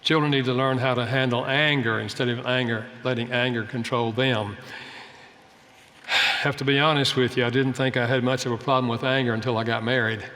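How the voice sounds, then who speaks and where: An older man speaks in an earnest, folksy sermon style, weaving in stories from his own family. His voice is bright and forceful, with pitch right in the middle for a man. The sound carries the long echo of a large hall, with a faint background hum.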